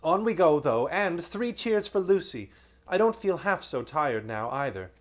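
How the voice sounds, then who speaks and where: Bossy cheerful older brother, a man reading him, brisk encouraging, pitched up, loud. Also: very animated.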